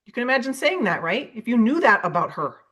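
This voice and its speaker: Woman, keynote speaker, sales training, animated, acts out scripts, fairly high voice, video call. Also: fast talker. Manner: animated, acts out sample messages to prospects. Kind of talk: motivational sales training talk.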